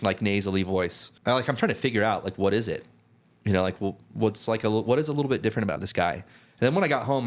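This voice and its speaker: A young man co-hosting a podcast, telling rambling stories in casual chat with lots of fillers. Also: fairly low pitch. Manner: rambling, many restarts and "like" fillers. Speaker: podcast co-host.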